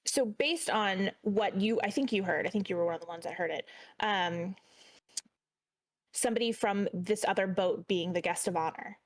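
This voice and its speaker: A woman's voice: mid-range voice, moderate pace. A woman running a tabletop horror game as game master, describing scenes with many ums and repeated words. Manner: descriptive, with frequent ums and repetitions.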